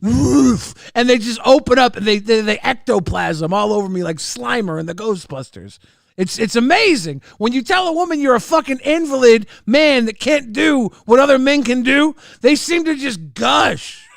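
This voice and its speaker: Man, gravelly voice, jokey crude commentary, dry sound. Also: very high-pitched, animated, moderate pace, no room sound. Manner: jokey, laughing, does silly put-on voices. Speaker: co-host.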